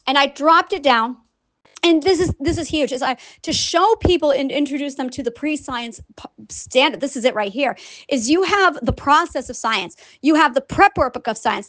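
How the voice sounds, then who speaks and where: A woman hosting her own podcast, talking in a rambling, animated monologue and quoting her own thoughts. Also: sits high, moderate pace, no echo. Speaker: podcast host. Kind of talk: casual solo monologue.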